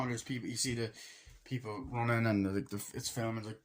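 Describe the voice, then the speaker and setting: A young man retelling a movie's scenes in a casual, swear-filled way, acting out lines in a higher voice. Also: fast talker. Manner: swears a lot, acts out film quotes in a higher voice. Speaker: movie reviewer. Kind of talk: casual film recap.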